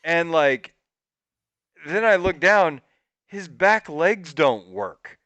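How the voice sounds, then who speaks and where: A man co-hosting a podcast, telling a story in a casual, animated way, swearing and jumping to a squeaky high pitch when he quotes himself. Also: very slow, no echo, muffled recording. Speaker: podcast co-host.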